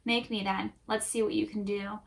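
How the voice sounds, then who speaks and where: A woman's voice: mid-range voice, level tone, moderate pace, creaky, far from the mic, slight background noise, natural voice. A woman reading as a stubborn, loyal younger brother, earnest and defiant, refusing to back down. Delivered close to the reader's own natural voice.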